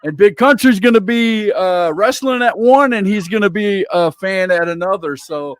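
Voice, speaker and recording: Guy hosting, kinda high voice, hyped promo patter, dry close sound. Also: moderate pace, smooth, no echo. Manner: enthusiastic promo delivery with repeated catchphrases. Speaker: interview show host. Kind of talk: casual interview, promoting events.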